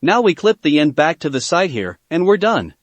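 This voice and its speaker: A man's voice: a little high, big pitch swings, normal speed, no echo. A man reading as a stern yet loving goddess mother. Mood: gentle.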